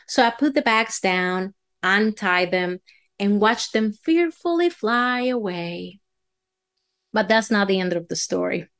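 A woman's voice: medium pitch, expressive, slow. A woman storyteller spinning a folksy, dramatic tall tale in a drawling way.

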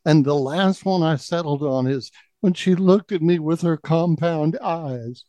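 A man's voice: fairly high pitch, unhurried, dark tone, no echo. A man hosting a storytelling show, talking in a folksy, amused way. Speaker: host. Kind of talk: casual chat.

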